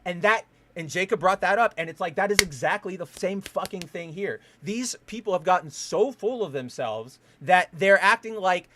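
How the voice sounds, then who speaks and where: Male podcast host on a fired-up solo rant; a touch high, swears freely, trips over restarts. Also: animated, moderate pace, hardly any pauses, noisy background. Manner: heated, profane ranting with frequent restarts.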